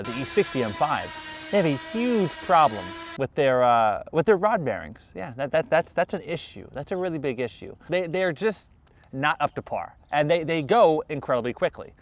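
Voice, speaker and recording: Animated man telling a car story. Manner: animated, acts out every side of each exchange; self-mocking, jumps in pitch when excited.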